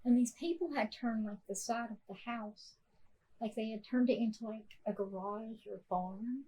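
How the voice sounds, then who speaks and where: Lady podcast host, soft-spoken, lots of ums and restarts, telling a personal story. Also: a little high, moderate pace, low-quality recording.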